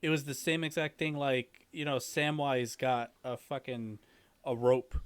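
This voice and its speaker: Man co-host, animated anecdote teller, swears, mid pitch. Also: a little slow, clear, resonant tone. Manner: animated storyteller, swears, acts out quotes. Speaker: podcast co-host. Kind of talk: casual movie commentary chat.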